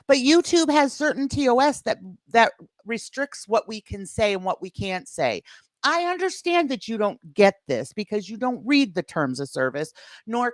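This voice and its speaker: A woman's voice: medium pitch, dry recording, clean studio sound. A woman hosting a reaction commentary stream, sarcastic and lecturing. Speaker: commentary channel host.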